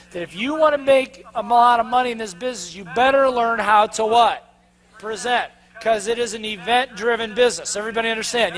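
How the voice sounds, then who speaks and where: A man in a live sales seminar, a trainer who keeps throwing quick questions at his audience and making them answer back. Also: high-pitched. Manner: energetic, call-and-response questions to the crowd; drops to a mocking tone for the inner doubting voice.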